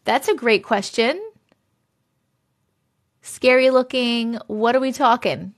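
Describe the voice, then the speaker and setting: A woman hosting a live stream, chatting casually, swearing freely and reading viewer stories aloud with loud disbelief. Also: a little high, slow pace.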